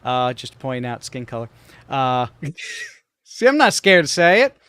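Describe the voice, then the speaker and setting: A man's voice: mid-range voice, big pitch swings, measured pace, pushed and bright, smooth. A man co-hosting a podcast in casual chat, rambling and hesitant, often trailing off mid-thought. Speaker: podcast co-host.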